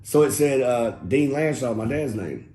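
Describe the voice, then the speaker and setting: A man telling casual stories as an interview guest, profane and animated, acting out what people said. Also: medium pitch, normal speed. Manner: profane, animated, acts out quotes. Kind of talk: casual storytelling. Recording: echoey room with faint noise.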